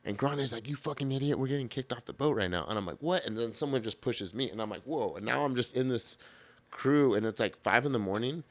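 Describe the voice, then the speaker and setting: A man spins a wild tour story in loose, casual podcast talk. He swears freely and jumps into the voices of the people he quotes. His voice sits at an ordinary middle pitch. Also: brisk. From United States. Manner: animated, swears a lot, acts out quotes. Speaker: podcast guest, drummer.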